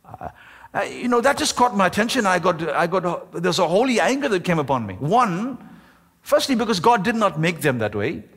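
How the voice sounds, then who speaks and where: Pastor guy preaching hard, kinda high voice, long echo in the church. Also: big pitch swings, creaky, fairly bright tone, breathy edge. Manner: emphatic preaching, slows and stretches key words. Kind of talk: sermon. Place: church sanctuary. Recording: echoey church hall.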